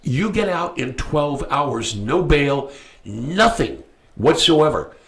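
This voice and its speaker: A man hosting a radio talk show, telling a story bluntly and crudely, loudly acting out the people in it. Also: fairly high pitch, takes it slowly. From United States. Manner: animated storyteller, acts out quoted voices loudly.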